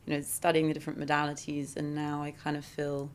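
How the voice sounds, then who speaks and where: Low-voiced woman, casual podcast guest. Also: monotone, quick pace, clear, resonant tone. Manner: casual, with fillers like "like" and "you know". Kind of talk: podcast interview.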